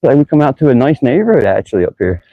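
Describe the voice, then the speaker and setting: With a mid-range voice that swings widely in pitch, a man talks fast while cycling through town and vlogging to a bike-mounted camera. His easygoing, chatty narration and musings come through narrow, tinny audio with slight background noise.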